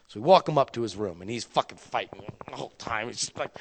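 A young man telling a stand-up story, his voice sitting a bit high. He is profane and animated, jumping into sudden loud bursts, and a long reverb from the hall hangs behind him. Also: fast talker, hardly any pauses. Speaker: stand-up comedian.

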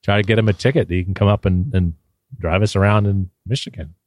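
A man's voice: low voice, fast, a little mellow, no echo, studio quality. A man co-hosting a podcast, telling a story in casual chat with stammering restarts and laughs. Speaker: podcast co-host.

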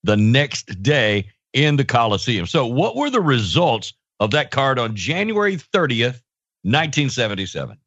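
A man's voice: mid-range voice, sing-song, moderate pace, fairly bright tone, no room sound. A man interviewing a guest with short prompting questions. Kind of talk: casual interview. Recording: dry, dull lo-fi sound.

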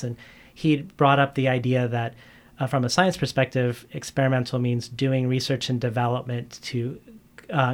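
A male interviewer with a gravelly voice and fry at the ends of his phrases. He builds his questions slowly, stumbling and restarting. His pitch sits in the middle range. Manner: hesitant, with many restarts and fillers.

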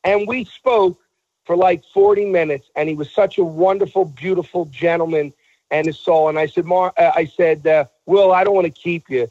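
A man with a fairly high voice tells a story in a casual talk, acting out the people he quotes. The sound is dry and a bit dull, as if recorded on lo-fi gear. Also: steady tone, brisk, warm tone, dry recording. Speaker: guest telling a story.

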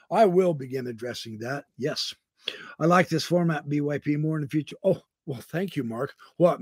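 A man's voice: a little high, a little mellow, no room sound, studio quality. A man hosting a live podcast. He is eating while he talks and jokes at his own expense as he reads viewer topic requests. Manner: jokey, self-mocking, talks with his mouth full. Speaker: podcast host.

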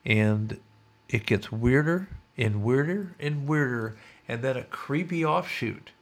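A man's voice: medium pitch, lively intonation, slow pace. A man hosting a podcast, reading a news story aloud and breaking off for wry, sardonic asides. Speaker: podcast host.

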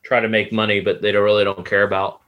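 A man co-hosting a podcast in casual chat, halting and full of fillers. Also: lowish voice, little pitch movement, dull audio. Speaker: podcast co-host.

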